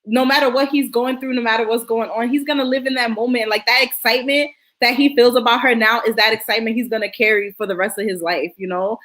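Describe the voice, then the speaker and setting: A woman's voice: a little high, steady tone, quick pace, hardly any pauses, a bit bright. A woman speaking earnestly and reflectively on a casual panel discussion, with frequent "like" and "you know". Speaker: panel host.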